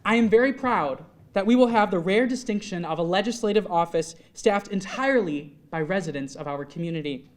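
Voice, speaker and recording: A man's voice: high-pitched, a little fast, few pauses, a faint crowd. A young man from Michigan giving a heartfelt, formal speech at a swearing-in ceremony before a live audience in a large hall. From Michigan, USA. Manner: earnest, heartfelt delivery with long lists of thanks. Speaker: newly elected state legislator.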